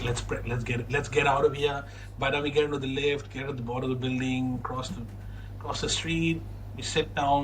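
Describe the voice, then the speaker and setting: A man hosting a casual podcast, telling stories in an animated way and laughing often. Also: medium pitch, a little hiss or hum, low-quality recording. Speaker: podcast host. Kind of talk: casual chat.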